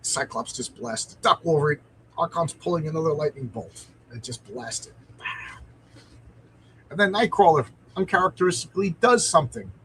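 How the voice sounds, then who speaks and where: A man's voice: on the high side, lively intonation, moderate pace, a bit bright, slight background noise, low-quality recording. A man hosting a live stream, reading a comic aloud with enthusiasm and answering viewer comments.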